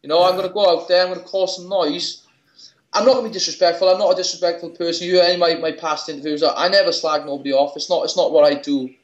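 A man's voice: sits high, steady tone. Welsh guy in his 20s, fighter, lots of restarts, kinda muffled lo-fi audio. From Wales. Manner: halting, repeats words and restarts often. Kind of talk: casual interview. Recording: echoey room, dull lo-fi sound.

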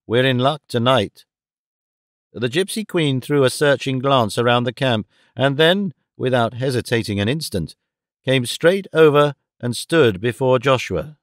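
A man narrating a horror audiobook in steady, even storytelling. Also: mid-range voice, normal speed, no echo, studio quality. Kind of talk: scripted narration.

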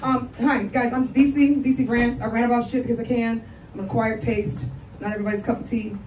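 A woman's voice: on the high side, flat delivery, fast talker, a little mellow, a little hiss or hum. A woman in her forties from Washington, D.C., doing a brash, profane stand-up set with laughing asides. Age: 40s. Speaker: stand-up comedian. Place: comedy club stage. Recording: echoey club from a distance, crowd laughter.

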